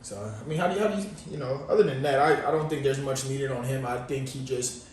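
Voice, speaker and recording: A man's voice: mid-range voice, fast talker, a little mellow, recorded from a distance. Laid-back podcast guy, echoey and off-mic. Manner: laid-back, rambling, slangy. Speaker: podcast co-host. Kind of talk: casual chat. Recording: echoey room, off-mic, faint noise.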